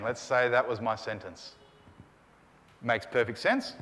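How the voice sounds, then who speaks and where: A man's voice: medium pitch, lively intonation, unhurried, fairly bright tone. A man teaching a Greek grammar class, lecturing and often checking in with his students. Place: lecture hall. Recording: long hall reverb.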